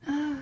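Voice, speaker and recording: A woman's voice: very high voice, darkish tone. A young woman streaming live as she draws, chatting casually in a rambling, giggly, self-mocking way. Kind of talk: casual livestream chat while drawing.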